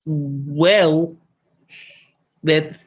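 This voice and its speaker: A man at a tabletop game who plays a devout priest, speaking in a measured, solemn way. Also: on the high side, fairly even intonation. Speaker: player. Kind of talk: tabletop role-play.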